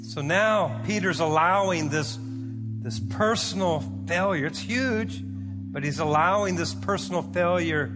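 A male pastor preaching a sermon, telling the story in an animated way and repeating words as he goes. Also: high-pitched, a little slow, in a large hall, music in the background.

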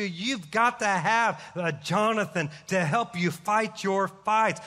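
A middle-aged man, a pastor, preaching a sermon with impassioned, rising shouts. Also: high-pitched. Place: church sanctuary. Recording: long hall reverb.

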